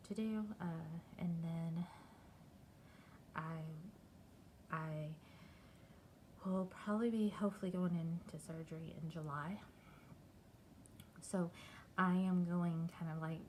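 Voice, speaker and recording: A middle-aged woman from Texas, talking candidly and haltingly in a personal video diary. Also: lowish voice, darkish tone, a little hiss or hum, low-quality recording. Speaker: vlogger.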